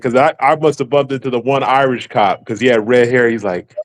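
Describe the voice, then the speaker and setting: A man's voice: mid-range voice, fairly even intonation, a little fast. A man chatting casually as co-host, rambling along in laid-back slang. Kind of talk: casual chat.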